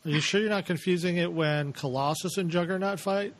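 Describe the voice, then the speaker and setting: A man chatting casually on a podcast, asking short questions and putting in quick remarks. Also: high voice. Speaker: podcast co-host. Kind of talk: casual chat. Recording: loud background noise.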